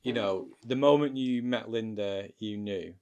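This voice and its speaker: A man's voice: on the low side, measured pace, a little mellow, smooth, highs cut off. A man interviewing a guest, mostly giving short, encouraging replies and asking questions. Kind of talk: podcast interview.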